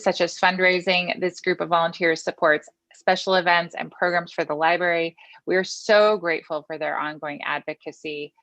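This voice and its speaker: A woman's voice: fairly low pitch, fairly bright tone, no room sound. A woman from the library staff giving a chatty, upbeat report to a meeting over a video call.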